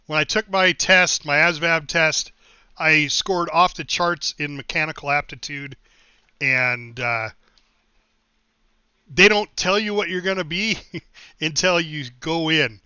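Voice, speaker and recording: A man's voice: a little high, slow, pauses often, sharp tone, clean tone, no echo, dull audio. A middle-aged man streaming a game, telling long personal stories in a casual, rambling way and thanking his followers. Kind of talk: casual storytelling while livestreaming.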